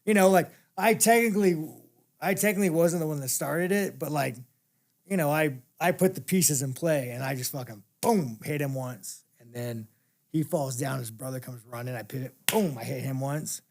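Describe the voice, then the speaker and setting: A man sits in as a guest for a casual interview, and his voice has a rough, gravelly edge. He tells his stories bluntly and swears freely. He often breaks into laughter as he talks. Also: on the high side, moderate pace, a little mellow. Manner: blunt, profane storytelling; laughs while telling stories.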